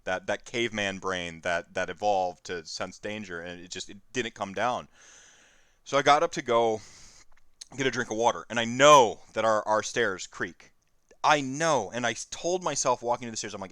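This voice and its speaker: A man in his thirties, a stream host, telling a candid personal story in a rambling, halting way with many fillers. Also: lowish voice, pushed and bright, clean tone, no room sound.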